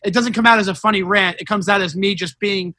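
Bright high-voiced man telling comedy stories. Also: fast, dry recording. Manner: animated storytelling, swears freely, acts out quotes. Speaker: stand-up comedian and host. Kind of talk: casual chat.

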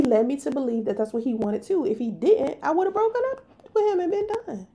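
A woman, hosting a podcast and telling a personal story in an animated, emphatic way. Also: sits high, fast talker, hardly any pauses. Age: 30s. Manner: animated, emphatic, slips into voicing others. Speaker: podcast host.

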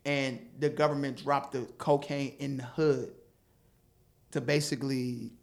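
A man in casual, profane chat among friends, animated and prone to loud mock voices. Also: mid-range voice, unhurried.

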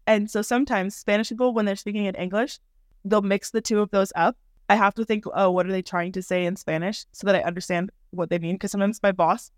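A woman's voice: mid-range voice, dry recording, studio quality. A young American woman co-hosting a podcast, telling stories in casual chat and acting out the quotes. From United States. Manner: animated storyteller, acts out quotes. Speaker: podcast co-host. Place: Europe.

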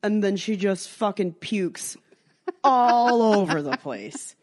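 A woman co-hosting a podcast, telling a wild night-out story in a casual, animated way, swearing freely and acting out the voices of the people in it. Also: medium pitch, slow pace. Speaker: podcast co-host.

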